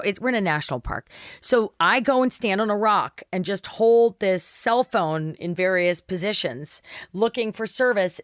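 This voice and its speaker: A woman guest telling an animated, self-mocking story in casual chat, swearing freely. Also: mid-range voice, no echo, studio quality.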